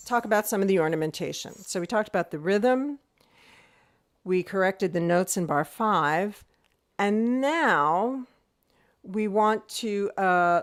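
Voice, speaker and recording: A woman of middling pitch leads a group music lesson over a video call. She is patient and methodical, counting beats aloud and singing rhythm syllables to demonstrate. She talks at an everyday pace. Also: fairly bright tone. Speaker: music teacher.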